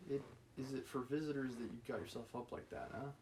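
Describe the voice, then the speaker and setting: A man's voice: medium pitch, steady tone, fairly quick, darkish tone, slight background noise, lightly acted, low-quality recording. A man reading the part of a stern, domineering old prince, brusque and scolding.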